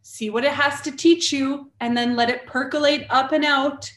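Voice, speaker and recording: A woman's voice: high-pitched, fairly even intonation, normal speed, fairly bright tone, echoey room. A woman speaking bluntly in a casual podcast conversation, swearing freely and laughing often. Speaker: guest, founder of a mothers' group.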